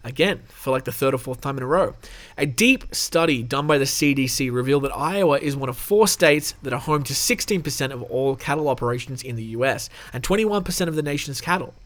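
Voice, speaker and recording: A man's voice: medium pitch, lively intonation, brisk, fairly bright tone. A man hosting a casual podcast, reading notes aloud with off-the-cuff asides, swearing and laughing as he goes. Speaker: podcast host.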